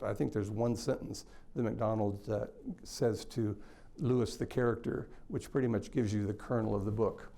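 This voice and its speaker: A man's voice: medium pitch, normal speed, creaky, warm tone. A man, a literature scholar, explaining a book in a thoughtful lecture-style talk.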